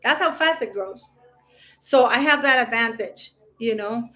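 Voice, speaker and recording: A woman's voice: fairly high pitch, lively intonation, unhurried, sharp tone, faint music behind. A woman hosting a casual livestream, rambling and chatty with lots of fillers. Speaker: livestream host.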